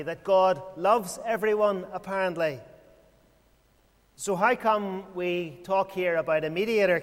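A man preaching a sermon in a measured way, full of rhetorical questions and repeated phrases. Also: high voice. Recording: long hall reverb.

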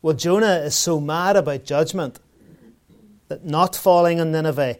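Man, preacher, sermon, slightly raised pitch, conversational, rhetorical questions. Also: moderate pace. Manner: conversational, asks rhetorical questions, tells everyday anecdotes.

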